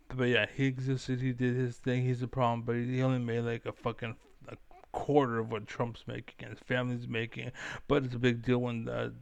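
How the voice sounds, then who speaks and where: A man in a gaming live stream keeps up a rambling, profane rant over the play. His voice is smooth and resonant at an ordinary pitch, and it is caught close on a mic with no room around it. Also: no room sound.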